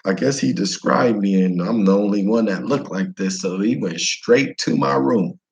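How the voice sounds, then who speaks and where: A man's voice: lowish voice, moderate pace, creaky, poor audio. A man from the United States casually telling a travel story, slangy, profane and rambling.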